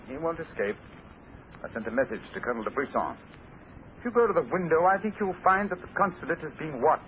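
An actor playing a clever, self-assured male detective in a 1940s radio drama, speaking crisply and deliberately. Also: fairly high pitch, lively intonation, close to an everyday voice. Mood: calm. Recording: tinny old radio broadcast, faint hiss.

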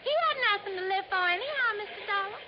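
A shrill, high nasal woman of about thirty, rambling on about family and money with gossipy greed. Her voice sits very high and comes through a dull, hissy old radio recording. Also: expressive, quick pace. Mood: chattering. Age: 30s. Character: nasal chattering small-town woman, greedy. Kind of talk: 1950s radio drama acting.

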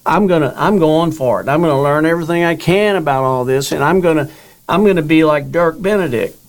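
A man's voice: on the high side, a little fast. An older man, a guest author, telling his own story in an interview and acting out the dialogue he quotes.

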